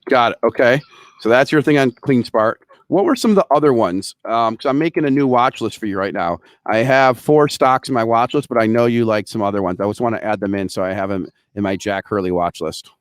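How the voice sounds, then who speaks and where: A male host of a live market chat show, excitable and joking, tumbling over his own words as he goes. His voice is smooth and resonant, and it sits close and dry with no room around it. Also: mid-range voice, brisk, dry recording. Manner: excitable, joking, scattered restarts.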